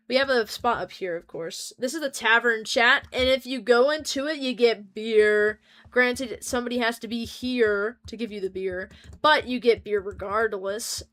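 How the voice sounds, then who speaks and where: A woman's voice: fairly high pitch, fairly bright tone. A woman livestreaming a game, chatting casually and playfully to her viewers, rambling from one topic to the next. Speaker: streamer. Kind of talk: casual gaming livestream chat.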